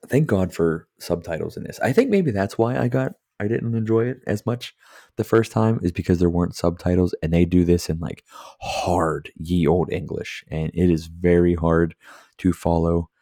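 A man's voice: sits low, moderate pace, mellow, dry recording, clean studio sound. A man hosting a podcast, chatting casually and rambling, with lots of filler words and swearing as he sips a beer. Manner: drinking beer while talking. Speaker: podcast host. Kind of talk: casual movie review chat.

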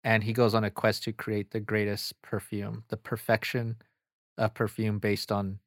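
A man's voice: fairly low pitch, completely flat delivery, normal speed, dry recording, clean studio sound. A man co-hosting a podcast in casual chat, rambling and hedging with fillers. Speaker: podcast co-host.

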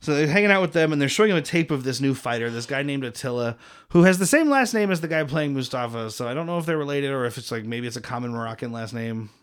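A man's voice: mid-range voice, expressive, quick pace, smooth. Rambling man recapping a movie. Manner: rambling, filler-heavy, swears freely. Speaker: podcast co-host. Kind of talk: casual movie recap chat.

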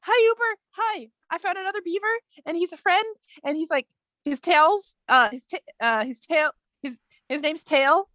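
A woman putting on a high gushing adventurer girl. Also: pushed and bright, no room sound. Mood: chatty. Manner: gushing, rapid greetings. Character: bubbly excitable young woman adventurer.

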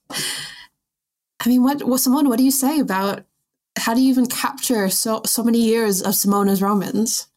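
A woman's voice: on the high side, fairly even intonation, measured pace, long pauses, darkish tone. A young adult woman co-hosting a podcast in casual chat, playful and self-mocking, laughing often. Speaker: podcast co-host.

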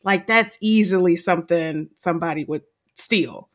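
A woman co-hosting a podcast, telling a story in a lively, casual way and giggling between words. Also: fairly low pitch, moderate pace. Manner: animated storyteller, giggles mid-sentence. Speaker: podcast co-host.

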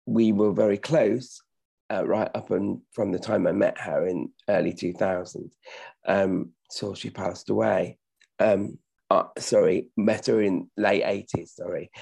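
A middle-aged man chats modestly as an interview guest in a low, gravelly voice. His tone is dark and a little husky. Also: fairly even intonation, a little slow. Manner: modest, chatty, self-correcting. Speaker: actor and podcast guest. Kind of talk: casual interview talk.

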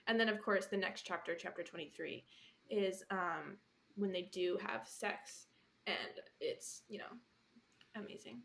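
A woman's voice: mid-range voice, unhurried, vocal fry, a bit bright, a little hiss or hum. A woman co-hosting a chatty podcast, gushing about a book with many "um"s and "like"s and frequent giggles. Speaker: podcast co-host. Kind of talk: casual chat.

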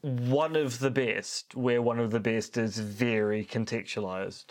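A man's voice: mid-range voice, steady tone, measured pace, darkish tone. Give me a dry, wry man co-hosting a casual podcast, with a mid-range voice. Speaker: podcast co-host.

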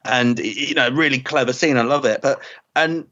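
A man's voice: medium pitch, moderate pace. A man hosting a podcast, chatting casually, swearing freely and acting out scenes. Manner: animated, profane, acts out scenes. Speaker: podcast host. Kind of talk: casual chat. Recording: dull lo-fi audio.

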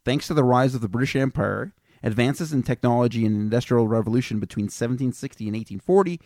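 A man's voice: mid-range voice, quick pace, dark tone, no room sound. A man co-hosting a casual podcast, reading out history facts and joking with his friends. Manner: joking, reads out facts between banter. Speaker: podcast co-host presenting facts.

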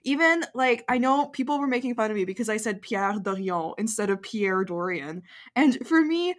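A bilingual woman co-hosting a casual podcast, talking in an earnest, animated way. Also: on the high side, brisk. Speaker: podcast co-host.

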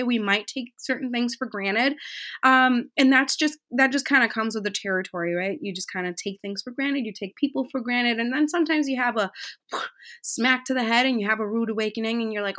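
A woman's voice: fairly high pitch, a bit bright. A woman in her thirties hosting a casual, heartfelt monologue, chatty with many fillers. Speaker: podcast host.

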